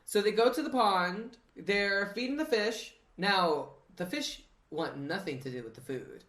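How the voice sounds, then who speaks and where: A man co-hosting a podcast and recapping a TV drama in casual chat, an animated storyteller who acts out the characters and swears playfully. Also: high voice, unhurried, reverberant. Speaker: podcast co-host.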